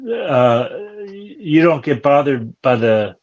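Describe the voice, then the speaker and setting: A man's voice: medium pitch, big pitch swings, slow, a little mellow, dull audio. A man on a casual podcast who asks hesitant questions and often restarts his sentences.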